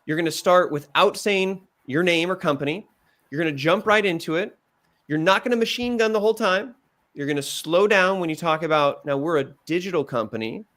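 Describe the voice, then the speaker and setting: Pitch coach guy, kinda high voice, lively and direct, acts stuff out. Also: fairly quick. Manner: animated and direct, acts out examples. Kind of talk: live pitch coaching feedback.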